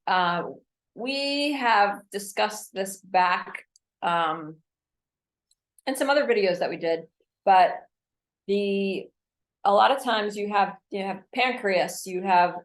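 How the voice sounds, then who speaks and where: Explaining woman in a roomy-sounding recording. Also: mid-range voice. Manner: explanatory, demonstrates step by step. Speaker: guest practitioner. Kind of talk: casual health chat. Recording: roomy echo.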